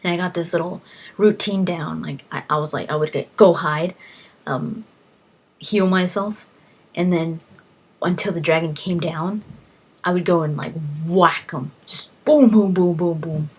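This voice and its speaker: Woman, husky voice, rambling, excitable, repeats herself, casual gaming vlog chat. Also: lowish voice, a little slow, long pauses. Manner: excitable, rambling, repeats words as she talks. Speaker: gaming vlogger. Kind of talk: casual chat about a video game.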